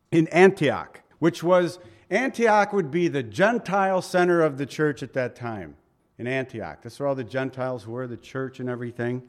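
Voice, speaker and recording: A pastor preaching a conversational Bible-teaching sermon, opening in prayer and then explaining scripture with emphasis and asides. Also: male voice, a little high.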